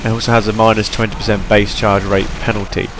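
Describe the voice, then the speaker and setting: A man's voice: on the low side, flat delivery, fast, a little hiss or hum. A tired young man giving rambling, chatty commentary over his gameplay, yawning between points. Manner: rambling, chatty, self-deprecating.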